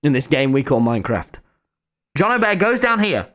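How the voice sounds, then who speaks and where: A man streaming a game live, talking to viewers and ranting excitedly at the screen. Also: on the high side, normal speed. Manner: excitable, exasperated, swears and rants at the screen. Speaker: gaming streamer.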